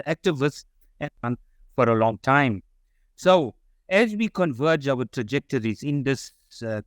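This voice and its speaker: A man's voice: medium pitch, no room sound, clean studio sound. A man giving formal closing remarks at a symposium, earnest and solemn, calling everyone comrade over a video call. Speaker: symposium speaker.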